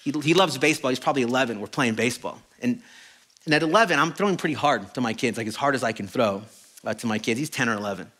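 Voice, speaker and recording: Animated, bright-voiced male pastor. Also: mid-range voice, quick pace. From Mexican heritage. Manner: animated, self-deprecating storytelling with laughs. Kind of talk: storytelling sermon. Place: church auditorium.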